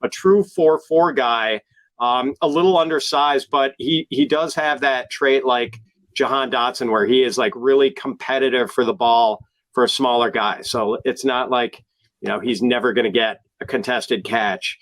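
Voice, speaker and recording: A man's voice: mid-range voice, moderate pace, fairly bright tone, dry recording. A man working as a fantasy football analyst who explains his pick thoughtfully, hedging with fillers. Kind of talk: panel draft discussion.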